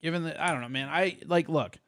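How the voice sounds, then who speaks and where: Male stream host, gravelly, slightly high, casual and foul-mouthed, faint music bed. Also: fast, fairly bright tone. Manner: loose, profane, reads chat aloud. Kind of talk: casual live stream chat.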